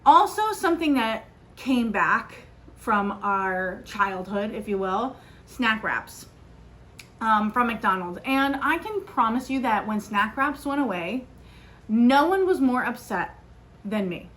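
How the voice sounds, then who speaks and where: Young woman podcaster rambling casually, a bit high pitched, lots of likes. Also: slow. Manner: chatty storytelling, lots of "like", animated retelling. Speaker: podcast host. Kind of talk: casual solo podcast chat.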